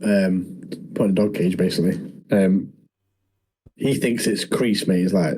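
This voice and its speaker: A man's voice: sits low, fairly even intonation, moderate pace, dark tone, a little hiss or hum, poor audio. A young man co-hosting a podcast, rambling through a plot recap with fillers and ending his lines with "mate.". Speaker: podcast co-host. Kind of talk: casual chat recapping a show.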